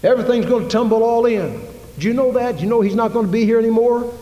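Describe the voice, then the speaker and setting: A man acting out doubting young prophets who pester with fast, quiet questions, in a sermon. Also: extremely high pitch, muffled recording, voice pushed up. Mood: taunting. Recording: echoey hall reverb.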